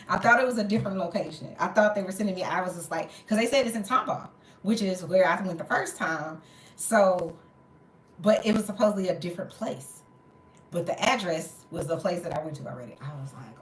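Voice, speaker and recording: A woman's voice: fairly low pitch, normal speed, slight background noise. Exasperated woman, roomy echo. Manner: animated, exasperated retelling with swearing. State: tired and in pain. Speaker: storytelling vlogger. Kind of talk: casual storytime chat.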